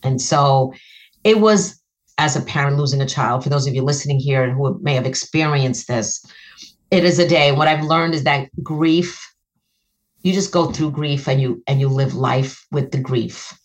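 A middle-aged woman, appearing as a guest author, earnestly recounts an emotional personal story. Her voice leaps upward as she relives certain moments, and she speaks at a normal speed.

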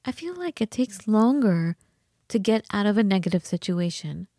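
Mellow-voiced woman podcast co-host. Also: mid-range voice, sing-song, normal speed, no echo, studio quality. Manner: chatty, frank, thinks aloud. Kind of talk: casual podcast chat.

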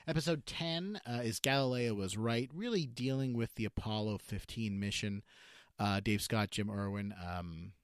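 A man giving an unscripted spoken review, halting often with fillers and correcting himself mid-sentence. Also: lowish voice, clean tone, no echo, clean studio sound. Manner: halting, many filler words and self-corrections.

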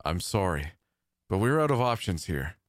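A man doing a resolute male prison guard in an audio story, low and earnest, coaxing then firm, with a dry close sound. He speaks steadily and softly, like a friend who refuses to give up. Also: measured pace, dry recording. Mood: urgent. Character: frightened but resolute adult male guard. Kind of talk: storytelling narration with acted dialogue.

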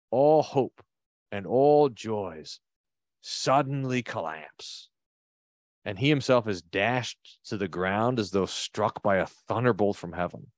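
Pastor guy reading old text and explaining it, punches key words, mid pitch, dry sound. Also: no room sound. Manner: expressive reader who leans hard on key words. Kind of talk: reading a text aloud and commenting on it.

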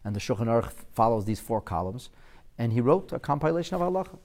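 A man's voice: medium pitch, fast. A man in his forties teaching a Torah lesson, puzzling aloud and asking rhetorical questions as he explains the sources. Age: 40s. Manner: animated, quizzical, asks rhetorical questions.

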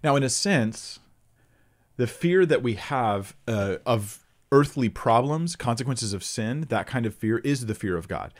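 Man, low voice, Bible Q&A host, casual teaching, thinking aloud, restarts sentences. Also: moderate pace. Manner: thinking aloud, many restarts, reads scripture aloud. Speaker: Bible Q&A host answering viewer questions.

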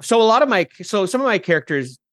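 A man guest in a casual podcast chat, animated and jumping in and out of character voices. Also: high-pitched, fast, no room sound. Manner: animated, slips into character voices mid-sentence.

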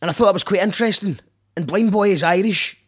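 A man's voice: high-pitched, fast talker, breathy edge. A Scottish man hosting a radio show, rambling, joking and apologizing in a casual monologue. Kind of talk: casual self-deprecating monologue.

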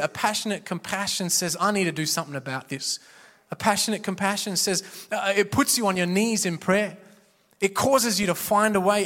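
A pastor preaching a sermon in a church, passionate and emphatic, with repeated refrains. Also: male voice, high voice, a bit bright. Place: church auditorium. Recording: echoey hall reverb.

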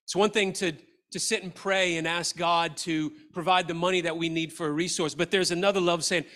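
Animated bright-voiced male pastor preaching. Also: high-pitched, brisk. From Australia. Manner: animated, acts out Bible characters' lines. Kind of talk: sermon. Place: church hall.

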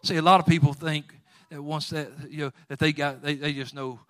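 Male preacher, slightly high voice; fervent sermon delivery, quiet retellings building to loud exhortation. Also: fairly even intonation, fairly quick.

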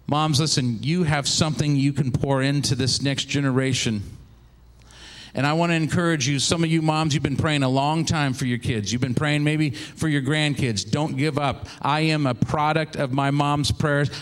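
A man's voice: a little high, steady tone, normal speed. A middle-aged man preaching a sermon, talking earnestly and telling stories with animation. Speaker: pastor.

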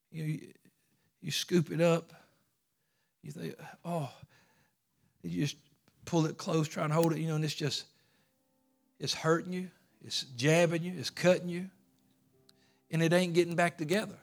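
Folksy preaching pastor, high-pitched man. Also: creaky. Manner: folksy preaching, rising to fervent calls. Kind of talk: sermon.

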